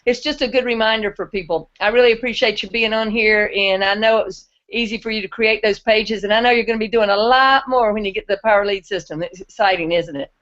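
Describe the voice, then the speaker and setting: A woman's voice: mid-range voice, quick pace, hardly any pauses, a bit bright. A woman hosting a web hangout, talking in a chatty, friendly way. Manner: friendly, chatty, Southern-style speech. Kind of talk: casual chat. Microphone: video call. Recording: muffled web call audio.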